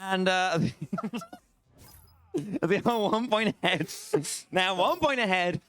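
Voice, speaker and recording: A man's voice: sits high, animated, measured pace, fairly bright tone, clear, resonant tone, no echo, soft background music. A young man commentating a live esports match play-by-play, exclaiming at big plays.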